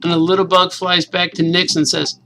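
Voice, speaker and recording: A man in his forties, a cartoonist, casually and excitedly reading his comic aloud to kids. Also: sits high, normal speed, faint music behind, low-quality recording. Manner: enthusiastic, casual, says "man" a lot.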